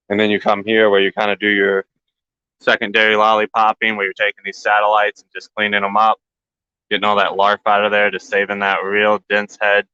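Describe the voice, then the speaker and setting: A man's voice: fairly low pitch, bright, forceful tone, smooth, dry recording, dull audio. A man hosting a casual walkthrough vlog, rambling and joking, short on sleep. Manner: rambling, jokey, talks to his plants. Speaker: grow channel host.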